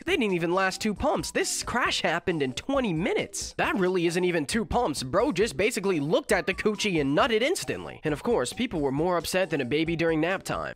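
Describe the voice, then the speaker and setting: A man's voice: high voice, fairly bright tone. A sick young man with a nasal voice, giving crude, sarcastic commentary as a channel host. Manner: sarcastic, crude, fast-cracking jokes. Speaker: commentary YouTuber. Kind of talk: mocking internet commentary.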